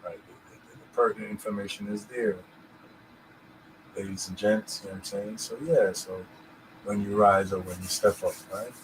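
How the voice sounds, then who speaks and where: A man's voice: fairly low pitch, fairly even intonation, moderate pace, pauses often, background noise. A man co-hosting a casual podcast about scripture, rambling and checking in with "you know what I'm saying". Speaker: podcast host.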